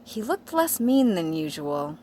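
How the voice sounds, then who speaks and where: A woman giving a comedic dramatic reading, deadpan, reading out the punctuation. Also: fairly low pitch, a little slow. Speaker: guest reader.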